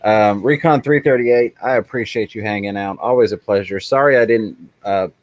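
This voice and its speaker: A man hosting a live stream in casual chat, chatty and quick to laugh, with apologetic little asides. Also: lowish voice, no echo, dull audio.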